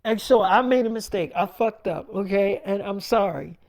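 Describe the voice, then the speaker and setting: A man's voice: sits high, normal speed, creaky, darkish tone. A man voicing a jealous young woman who furiously confronts her boyfriend, blunt and profane. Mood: pleading.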